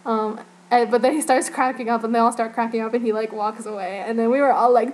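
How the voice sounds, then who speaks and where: A woman's voice: fairly high pitch, fairly even intonation, fast talker, a little mellow. Giggly young woman rambling about a concert. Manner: rambling, giggly, heavy use of "like". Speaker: fan vlogger. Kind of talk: casual recap vlog.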